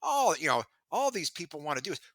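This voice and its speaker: Bright-voiced animated storytelling man. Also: fairly high pitch, fast talker, no room sound. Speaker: sales trainer and podcast guest. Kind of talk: casual interview chat. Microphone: video call.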